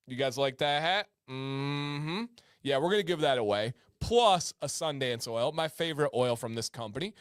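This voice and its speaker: A man's voice: medium pitch, clear, resonant tone, dry recording, studio quality. A man hosting a casual livestream, reading chat aloud and joking with viewers. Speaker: livestream host.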